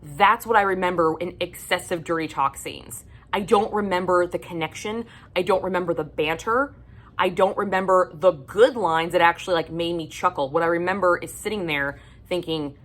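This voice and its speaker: A fed-up woman vents to her viewers in a casual, cursing rant about romance novels. Her voice sits a little low, and she talks bluntly and with exasperation, sometimes dropping almost to a hush. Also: a little slow, slight background noise. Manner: blunt, profane, exasperated ranting. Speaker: book vlogger. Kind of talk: casual ranting monologue.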